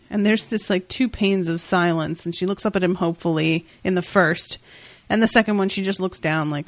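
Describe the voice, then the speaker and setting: A woman co-hosting a casual comic-book podcast, recapping a story in an animated way with frequent swearing and laughter. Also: medium pitch, moderate pace, no room sound. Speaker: podcast co-host.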